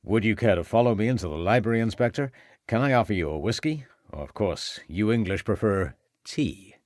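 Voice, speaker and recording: A man voicing an outgoing American antiquary with a booming, expansive manner and an American accent. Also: lively intonation, fairly quick, darkish tone, no echo, studio quality, natural voice. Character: lively American male antiquary, outgoing and hearty.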